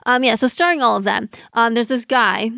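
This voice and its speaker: A woman co-hosts a podcast, chatting freely and casually with lots of little fillers and laughing along. Her fairly high voice is creaky, bright, and forceful, and she talks fairly quickly; the studio-quality recording has no echo.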